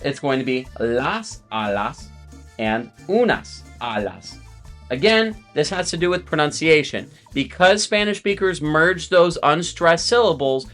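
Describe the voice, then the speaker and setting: A man's voice: mid-range voice, fairly bright tone. A man teaching a language lesson to viewers in a chatty, explanatory way, with friendly asides and repeated words.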